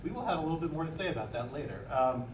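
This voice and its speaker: A man's voice: a little high, lively intonation, very fast. A man moderating a Q&A and calling on audience members. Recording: echoey hall from far off, audible noise.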